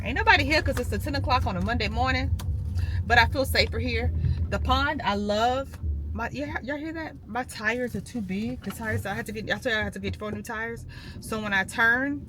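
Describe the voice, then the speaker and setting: A woman's voice: medium pitch, noisy background. A woman chatting casually to her viewers from her parked car, rambling and calling them "girl" and "y'all". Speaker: lifestyle vlogger.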